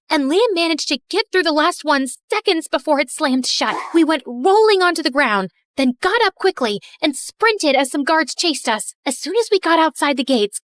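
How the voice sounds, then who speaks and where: High, bubbly woman narrating a story. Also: expressive, normal speed, few pauses, fairly bright tone, dry recording. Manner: bubbly, quirky, playful. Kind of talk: first-person animated story narration.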